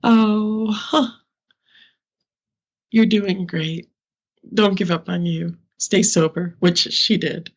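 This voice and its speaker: A woman's voice: lowish voice, fairly even intonation, takes it slowly, long pauses, muffled recording. A woman in her fifties from Brooklyn, a podcast guest speaking candidly and animatedly with frequent laughs. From Brooklyn, New York, US. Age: 50s. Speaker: podcast guest, social media consultant. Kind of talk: candid interview conversation.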